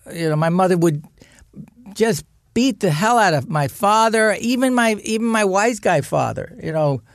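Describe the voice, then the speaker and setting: A man, a podcast guest, telling a family story in an animated, profane way and acting out relatives' voices. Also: sits high, moderate pace, dry recording, studio quality. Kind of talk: storytelling in conversation.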